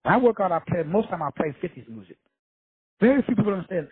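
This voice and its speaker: A man's voice: high-pitched, big pitch swings, very fast, slightly rough, dry recording. A man talking bluntly and profanely in a casual, streetwise motivational monologue as the host. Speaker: motivational speaker, show host. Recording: dry, tinny phone-like recording.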